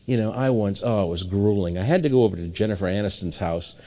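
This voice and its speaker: A man's voice: on the low side, lively intonation, quick pace, mellow. A man from New England, a guest mentalist in an interview, telling long rambling anecdotes and acting out the voices of people in them. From New England, USA. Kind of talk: storytelling interview.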